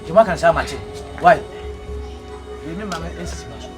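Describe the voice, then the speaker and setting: A man's voice: fairly high pitch, animated, brisk, music in the background, natural voice. A man from Ghana acting a stern middle-aged family elder in a film drama, talking in an emphatic, insistent way, recorded with a distant mic under a film score.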